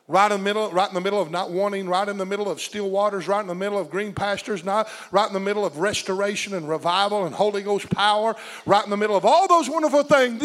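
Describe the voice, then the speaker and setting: Fast and a bit bright, a man's high voice drives a passionate sermon in a church sanctuary. He calls out to the congregation, who respond, and the large hall lends a long reverb.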